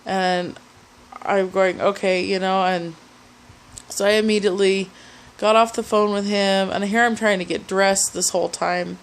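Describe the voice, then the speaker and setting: Young woman, testimony speaker; halting, emotional delivery with frequent restarts. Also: mid-range voice, steady tone, a little hiss or hum. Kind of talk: personal testimony.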